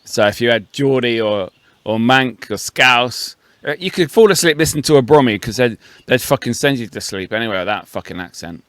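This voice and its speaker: A man's voice: medium pitch, animated, brisk, fairly bright tone, no echo, clean studio sound. A man co-hosting a casual podcast chat, blunt and emphatic and swearing. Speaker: podcast co-host.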